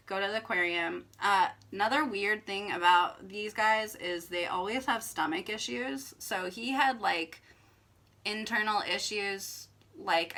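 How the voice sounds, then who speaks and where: Bright-voiced young woman telling a story. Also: medium pitch. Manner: chatty, filler-heavy with frequent "like", emphatic. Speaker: vlogger. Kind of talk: casual storytelling to camera.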